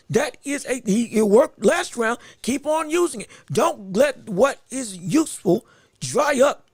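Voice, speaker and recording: Guy doing live boxing play-by-play, really high voice, dry close mic. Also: husky, no room sound. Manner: rapid play-by-play, excited outbursts, talks to the chat. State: hiccups. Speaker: podcast host and boxing commentator. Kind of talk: live round-by-round boxing commentary.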